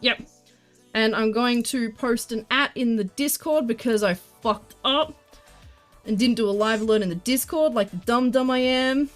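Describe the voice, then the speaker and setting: High-voiced excitable woman streamer. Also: normal speed, faint music behind. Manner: chatty, excitable, greets viewers warmly. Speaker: livestreamer. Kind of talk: casual live-stream chat while crafting.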